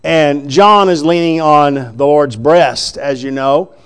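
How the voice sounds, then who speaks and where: A man preaching a sermon, retelling scripture in an animated, chuckling storytelling way. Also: fairly high pitch, takes it slowly, clear, resonant tone.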